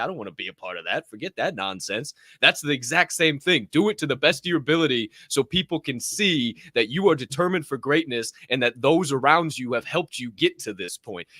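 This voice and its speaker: A man co-hosting a podcast, ranting with passion and lots of swearing, his voice swinging from loud bursts to low mutters. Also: no echo, studio quality. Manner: profane, heated, swings loud and soft. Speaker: podcast co-host. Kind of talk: fired-up motivational rant.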